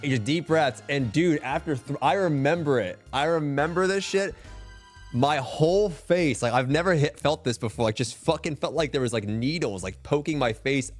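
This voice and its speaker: A man's voice: on the high side, moderate pace, soft background music. A young man and streamer telling a story in casual chat, rambling with lots of filler words and swearing.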